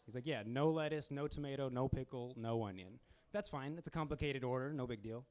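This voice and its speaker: A young man hosting a stand-up comedy show in a small club, talking casually with deadpan asides and acting out customers. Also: mid-range voice, fast talker, few pauses.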